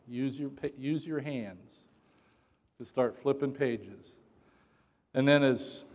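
A male pastor preaching a sermon, who jokes with the congregation and shouts for emphasis. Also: medium pitch, big-room sound.

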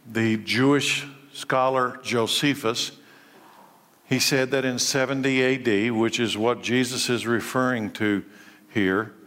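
A man preaching a sermon, his voice surging high and loud at its peaks, then sinking low and quiet. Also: in a large hall. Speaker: pastor.

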